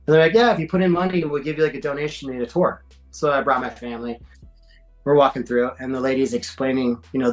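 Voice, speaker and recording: A mid-range voice belongs to a man in his forties appearing on a podcast, where he tells casual stories laced with slang and curses, performing the quotes. The recording is of low quality.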